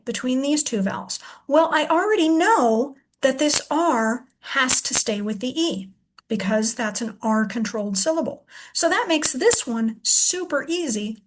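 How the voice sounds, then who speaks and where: A woman teacher walks through a word, thinking aloud and sounding out each syllable slowly. Her voice sits a little high. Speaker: reading teacher. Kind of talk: demonstration lesson.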